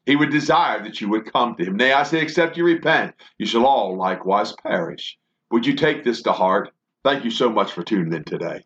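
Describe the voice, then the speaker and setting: A man's voice: lowish voice, lively intonation, fairly quick, fairly bright tone. Man preaching, fervent, sing-song rising and falling voice, dull lo-fi sound. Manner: fervent, rhythmic preaching with repeated phrases. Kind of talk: radio Bible teaching sermon.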